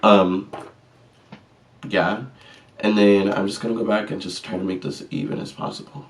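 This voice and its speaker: A man with a fairly low, level voice talks at a moderate pace into a distant mic. This vlogger breezes through a makeup tutorial with sassy, chatty commentary and jokes at his own expense.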